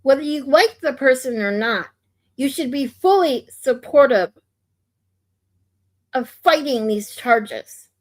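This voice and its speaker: A woman's voice: high-pitched, expressive, slow, long pauses. A woman streamer from the United States giving blunt, opinionated commentary in a casual ranting manner.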